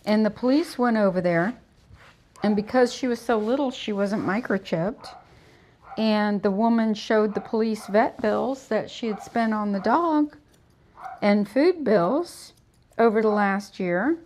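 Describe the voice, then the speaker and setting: A woman's voice: mid-range voice, unhurried, a little mellow, a little hiss or hum. A middle-aged woman, a dog groomer, chatting on a livestream as she works, soothing the dog and telling stories. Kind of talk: casual livestream chat while working. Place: grooming salon.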